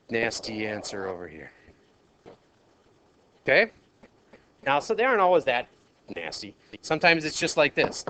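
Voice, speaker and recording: Math teacher, male, Minnesota accent, classroom lecture, drifts from the mic, faint room noise. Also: mid-range voice. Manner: asks the class questions, jokes and polls students.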